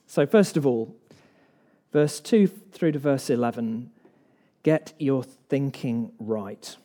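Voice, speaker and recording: A man's voice: on the high side, dark tone. A man preaching an evening sermon in church, earnest and emphatic, posing rhetorical questions to the congregation.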